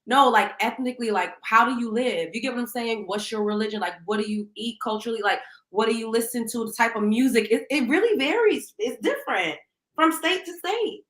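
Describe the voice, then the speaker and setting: A woman from Brooklyn hosting a casual celebrity gossip chat, animated and outspoken. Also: on the high side, fairly quick, roomy sound. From Brooklyn, New York. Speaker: host.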